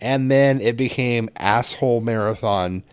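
A man's voice: mid-range voice, a little slow, clean tone, dry recording. A man co-hosting a podcast, telling rambling, profane stories about his kids. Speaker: podcast co-host, father. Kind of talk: casual chat.

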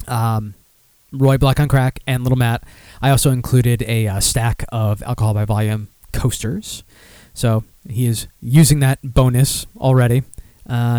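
This young adult podcast host chats about beer and reads news stories aloud, rambling, cursing, running himself down, and filling gaps with "um"s and the like. His voice is mid-range with a darkish tone, and the recording has no room sound.

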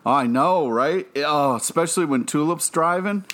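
A man's voice: a little high, a little slow, fairly bright tone. A man co-hosting a podcast, chatting enthusiastically with rambling fillers. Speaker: podcast co-host. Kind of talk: casual podcast chat.

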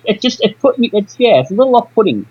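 Brief: male co-host, husky, animated pitch, lo-fi sound. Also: quick pace. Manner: hesitant, questioning. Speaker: podcast co-host. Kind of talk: casual podcast chat. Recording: dull lo-fi mic.

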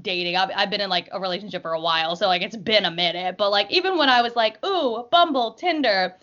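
A woman's voice: a little high, fairly bright tone, highs cut off. A young woman chatting casually as a podcast guest, telling stories with lots of fillers and playful quoted voices. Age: young adult. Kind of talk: casual chat.

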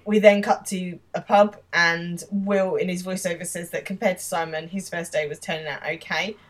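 A woman's voice: fairly low pitch, steady tone, normal speed. A woman chatting through a TV episode on a casual podcast, hedging with fillers and laughing easily. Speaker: podcast co-host.

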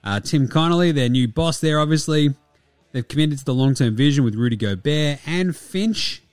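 A man's voice: on the high side, lively intonation, moderate pace, no room sound, soft background music. A young Australian man hosting a sports podcast, talking in a blunt, sweary, jokey way. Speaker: podcast host. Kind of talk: casual sports podcast chat.

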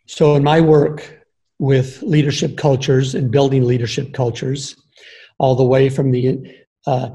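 An older man speaks in a gravelly, mellow voice, explaining ideas earnestly. He pauses often with ums and starts phrases over, sounding thoughtful and sincere rather than polished. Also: mid-range voice, little pitch movement, poor audio. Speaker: speaker on embodied leadership. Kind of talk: reflective talk.

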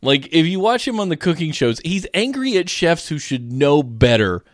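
A man co-hosting a podcast, chatting in a lively, opinionated way. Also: on the high side, normal speed, no room sound. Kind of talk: casual chat.

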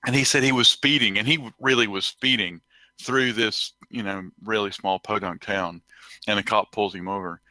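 A man's voice: on the low side, steady tone, normal speed, pushed and bright, no room sound. A man, hosting a casual chat, laughing along and telling a short story. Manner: easygoing, laughs along and chimes in briefly.

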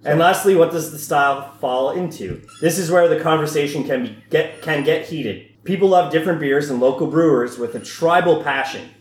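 A man's voice: on the high side, normal speed, hardly any pauses. Echoey man hosting a podcast. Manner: laughing, reads segments aloud. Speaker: podcast host. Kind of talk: casual podcast chat, reading notes. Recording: echoey room, faint hiss.

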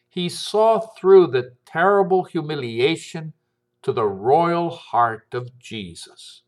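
Priest with a lively, rising reading voice. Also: male voice, fairly high pitch, a little slow. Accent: American. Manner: expressive reading, lifting his voice for quoted speech. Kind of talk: gospel reading and homily.

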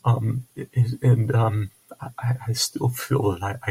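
An older man telling a personal story as a bereaved father, halting with frequent restarts and repeated words, earnest and heavy with grief. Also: medium pitch, steady tone, gravelly, darkish tone, slightly rough, low-quality recording. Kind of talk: personal testimony.

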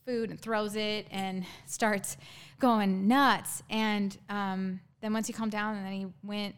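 A woman guest in an interview telling her own story candidly, halting, with frequent ums and restarts. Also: medium pitch, fairly even intonation, smooth.

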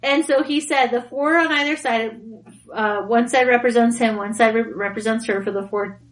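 A young woman co-hosting a podcast, telling stories in casual chat, excitable and quick to laugh. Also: fairly high pitch, poor audio. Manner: excitable storyteller, laughs often. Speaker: podcast co-host.

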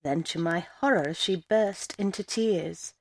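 Low-voiced woman reading a story. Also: unhurried, slightly rough. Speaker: story reader. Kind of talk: first-person story narration.

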